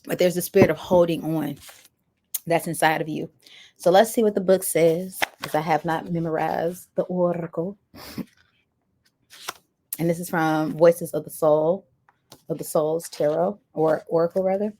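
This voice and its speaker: A woman's voice: low-pitched, steady tone, normal speed, pauses often, dark tone, a little hiss or hum. A woman giving a pick-a-card tarot reading, reading oracle messages aloud and breaking into playful, chatty asides to her viewers. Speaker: tarot reader.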